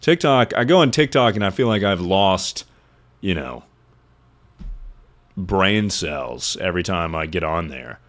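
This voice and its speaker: A man's voice: sits low, animated, a little slow, pauses often, fairly bright tone. A man streamer chatting casually to his viewers, rambling and swearing freely as he reacts to confessions. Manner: loose, rambling and profane. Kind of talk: casual livestream chat.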